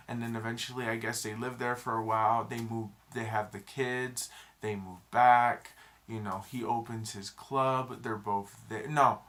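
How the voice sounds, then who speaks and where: A young man talks through a film in a loose, rambling way, stopping and restarting his sentences. His voice has a gravelly, fried edge. He sits at a middle pitch for a man. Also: fairly bright tone. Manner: rambling, emotional, many fillers and restarts. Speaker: vlogger. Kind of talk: casual movie review.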